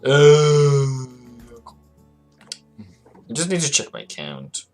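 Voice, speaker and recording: A man's voice: mid-range voice, sing-song, slow pace, faint music behind. A man hosting a casual live stream about trading, chatting loosely and reading viewer messages aloud. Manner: rambling and chatty, reads viewer chat aloud. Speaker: livestream host, forex trading analyst.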